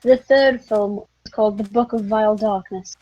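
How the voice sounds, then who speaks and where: A woman's voice: mid-range voice, fairly even intonation, normal speed, no echo, dull audio. A woman with a Northeast English accent, chatting casually beside a streamer and reading trivia aloud in a dry, reluctant way. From near Newcastle, England. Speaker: co-host reading facts aloud. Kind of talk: casual chat.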